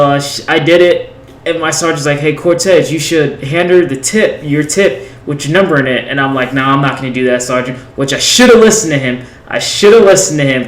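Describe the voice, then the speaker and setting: A man's voice: medium pitch, roomy sound, poor audio. A young man casually telling a long personal story over gameplay, rambling with lots of restarts and fillers.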